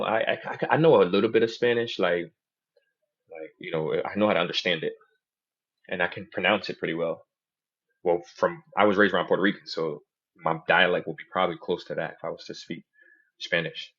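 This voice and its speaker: A man's voice: low voice, fairly bright tone, slightly rough, dull audio. A man hosting a podcast in casual chat, telling stories animatedly and mimicking other people's voices in quotes. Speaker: podcast host.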